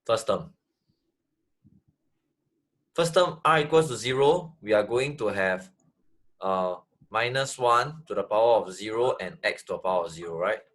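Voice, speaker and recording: Man, math tutor, lowish voice, patient, repeats phrases, checks understanding. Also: animated, normal speed, long pauses, fairly bright tone. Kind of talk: online tutoring lesson.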